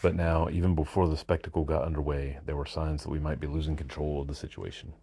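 A man's voice: rumbling low, flat delivery, quick pace, creaky, warm tone, breathy edge. A man reading a first-person story aloud in a wry, sardonic narrating voice. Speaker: audiobook narrator.

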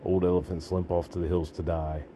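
A man reading a story aloud in a gritty, deadpan manner, breaking into shouts for the dialogue. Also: deep voice, a little fast, a little hiss or hum. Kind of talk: audiobook narration.

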